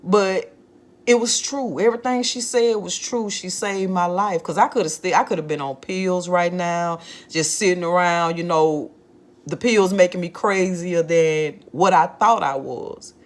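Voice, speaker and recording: A woman speaks candidly in a fairly low voice, telling her own story straight to the camera. Her delivery is loose and conversational, with "like" dropped in often. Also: measured pace. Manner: candid, conversational, frequent "like" fillers. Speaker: vlogger. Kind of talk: personal storytelling monologue.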